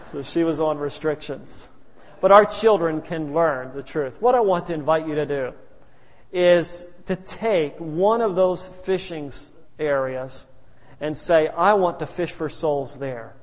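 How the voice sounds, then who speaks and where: Male preacher, folksy storyteller, raised pitch, long church echo. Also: unhurried. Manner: folksy, telling family stories. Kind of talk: sermon.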